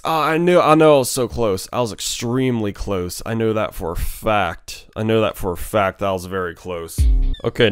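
A young man commentating a horror video game he is playing, muttering tensely one moment and yelling excitedly the next. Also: fairly low pitch. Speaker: gaming youtuber. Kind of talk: let's play commentary. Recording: game music behind the voice.

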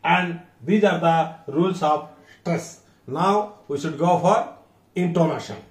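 A man with an Odia accent teaching a classroom English lesson, speaking slowly and deliberately and repeating words for his students. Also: fairly high pitch. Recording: echoey room from far off.

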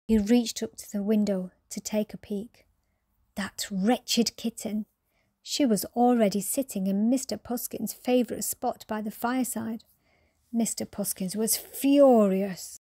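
Soft, whispery woman reading a bedtime story. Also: medium pitch, no echo, clean studio sound.

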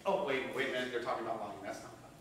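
A male pastor preaching a sermon, rising to loud emphasis and dropping to hushed tones, often asking "right?". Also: mid-range voice, rapid-fire, distant mic. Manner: asks the congregation "right?" often. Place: church hall. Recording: very echoey room, voice from off-mic, faint hum.

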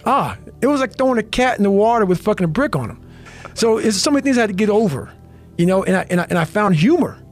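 A man with a high, gravelly voice talks with raw intensity, blunt and profane, hammering his points and stumbling into repeats when fired up. Faint music plays underneath. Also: lively intonation, fast talker. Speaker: podcast guest. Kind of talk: intense motivational storytelling.

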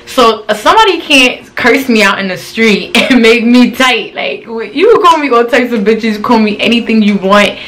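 A woman's voice: fairly high pitch, expressive, moderate pace, hardly any pauses, a bit bright. A young woman, telling a storytime vlog in a blunt, slangy, profane way. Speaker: channel host.

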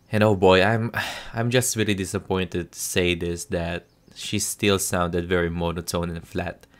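A Filipino man from the Philippines reviews a show casually, his low voice carrying a fairly bright tone and a Filipino accent. He sounds hesitant, with lots of ums and false starts.

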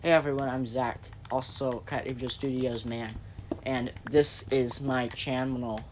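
A man's voice: medium pitch, little pitch movement, a little slow, background noise. A man hosting his own gaming channel, giving loose, jokey commentary while he plays, often cutting himself off mid-sentence. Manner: rambling, jokey, self-interrupting. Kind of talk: gameplay commentary.

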